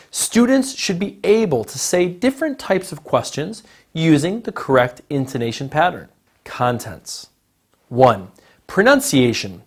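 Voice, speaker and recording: A man teaching an English lesson in a recorded narration, modeling intonation patterns in a slow, deliberate way. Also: mid-range voice.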